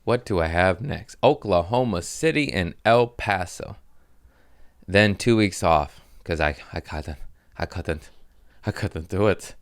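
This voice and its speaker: Low-voiced man telling a rambling story. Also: unhurried, dry recording, clean studio sound. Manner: rambling, laughs often, swears casually. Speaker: podcast host and stand-up comic. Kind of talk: casual storytelling chat.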